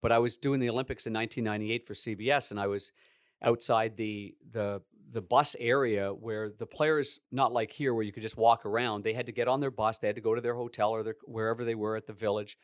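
Middle-aged man, relaxed anecdotal storyteller, dry close recording. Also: on the low side, a little fast, no room sound. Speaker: guest, sports broadcaster. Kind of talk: storytelling in a podcast interview.

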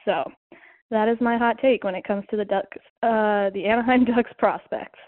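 A woman's voice: mid-range voice, steady tone, moderate pace, no echo. A young woman from Southern California leaving a chatty fan voice message, full of likes and ums. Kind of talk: recorded voice message. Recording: tinny phone-quality voice message.

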